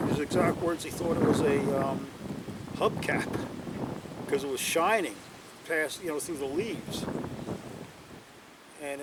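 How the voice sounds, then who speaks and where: A man telling a long story in a rambling, casual way, with lots of "you know" and restarts, outdoors at night. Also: a little high. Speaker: interviewee telling a local story. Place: outdoors at night near a bonfire. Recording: distant mic, loud wind and outdoor noise.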